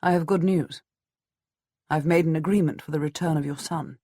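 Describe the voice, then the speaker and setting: A woman reading an audiobook, voicing a blunt, matter-of-fact middle-aged nobleman, the heroine's husband, with a husky voice. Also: low-pitched, steady tone, moderate pace, mellow, dry recording, studio quality.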